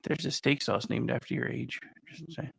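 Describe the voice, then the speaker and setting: A man's voice: medium pitch, normal speed, gravelly, a bit bright, slightly rough, dry recording, poor audio. A man co-hosting a casual radio chat show in a studio, teasing his co-host playfully. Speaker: radio co-host, ordained minister.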